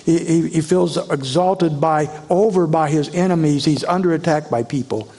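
A man's voice: fairly high pitch, normal speed, hardly any pauses, dark tone. A man preaching a sermon, reading scripture and voicing the psalmist's pleas in a rising, pleading tone. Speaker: pastor.

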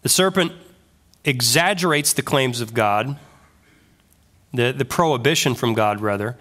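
A male pastor preaching a sermon in an animated way, full of rhetorical questions. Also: mid-range voice, a little slow.

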